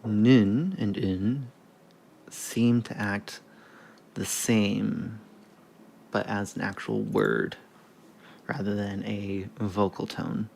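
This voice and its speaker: A man's voice: lowish voice, fairly even intonation, takes it slowly, vocal fry, pauses often, darkish tone, slight background noise. A man streaming a study session, thinking aloud, correcting himself and swearing casually as he goes.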